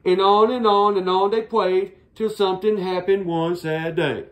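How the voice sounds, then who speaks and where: A woman's voice: medium pitch, steady tone, normal speed, noisy background. A woman reading a rhyming picture book aloud in a sing-song way, stopping now and then to fix her slips. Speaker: storyteller.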